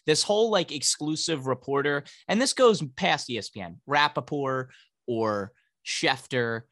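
A man's voice: mid-range voice, lively intonation, measured pace, a bit bright, dry recording. A male podcast co-host ranting about sports in casual, profane talk.

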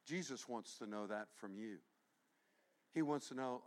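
A man preaching a sermon as pastor, animated and humorous, interrupting himself and swinging from quiet asides to near shouting. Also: mid-range voice, measured pace. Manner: self-interrupting with restarts and humor.

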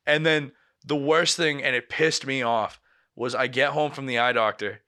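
Bright-voiced young man telling a story. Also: medium pitch, moderate pace. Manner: animated storyteller, swears a lot, acts out quotes. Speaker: podcast co-host. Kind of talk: casual chat, storytelling.

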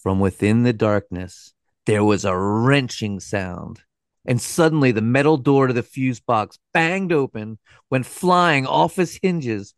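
A man co-hosting a podcast, narrating a scripted story in a measured, dramatic way, with a dry aside. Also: mid-range voice, dry recording. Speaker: co-host.

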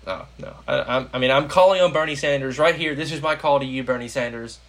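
A man's voice: mid-range voice, fast, a bit bright. A young American man hosting a casual political podcast, rambling with lots of fillers. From United States. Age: young adult. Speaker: podcast host.

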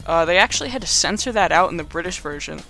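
A man's voice: high voice, lively intonation, quick pace, gravelly, sharp tone. A young man giving a casual, rambling movie recap in slangy speech full of fillers. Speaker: video host.

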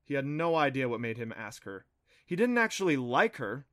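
Bright-voiced male storybook narrator. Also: medium pitch, sing-song, moderate pace, no echo, clean studio sound. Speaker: audiobook narrator.

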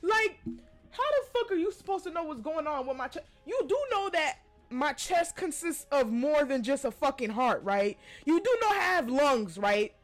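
A woman's voice: high-pitched, big pitch swings, normal speed, soft background music. Profane, exasperated young woman storyteller. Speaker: podcast host. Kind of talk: casual storytelling monologue.

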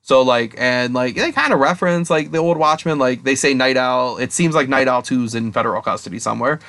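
Young guy on a podcast, talks super fast, swears constantly, all worked up. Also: mid-range voice. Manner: excited, heavy swearing, rapid rambling retelling. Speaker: podcast co-host. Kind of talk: casual chat.

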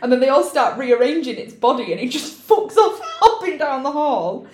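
A woman's voice: high voice, normal speed, slight background noise. A woman chatting casually, retelling a film scene by scene and laughing as she acts out characters' lines. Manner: animated, laughing often, acting out characters' lines. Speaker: podcast co-host recapping a film. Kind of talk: casual chat. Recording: roomy echo.

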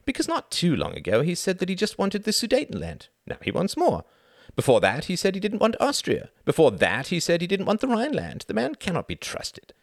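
A man's voice: high voice, huge pitch swings, a little fast, gravelly, no echo, clean studio sound, pitched above the performer's own voice, exaggerated voice. A man reading the part of a weary, cynical older aristocratic diplomat with a sardonic drawl.

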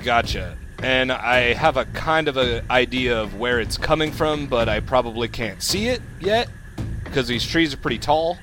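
A man's voice: medium pitch, animated, normal speed, music in the background. A man playing a tabletop game, chatty and casually swearing as he plans his moves. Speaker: player.

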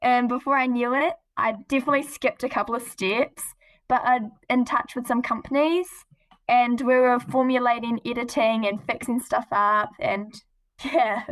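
A teenage girl with a fairly high voice talks about her writing as a podcast guest. She sounds polite and earnest and giggles now and then. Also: steady tone, normal speed, a bit bright. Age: teens. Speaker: guest, young poet. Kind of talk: casual interview chat.

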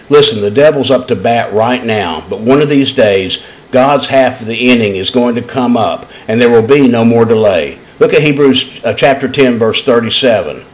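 A man's voice: medium pitch, lively intonation, normal speed, few pauses. A man preaching a sermon in an East Tennessee accent, telling folksy stories in an earnest way. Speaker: pastor.

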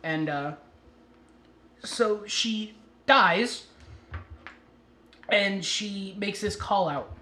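Bright giggly woman telling a story. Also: medium pitch, drawn-out words, pauses often, slight background noise. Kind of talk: casual chat.

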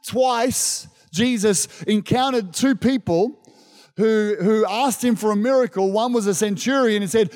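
Animated pastor in a reverberant hall. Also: male voice, sits high, moderate pace. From Australia. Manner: animated, emphatic, engages congregation. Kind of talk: sermon. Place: church service. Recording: long reverb of a church hall.

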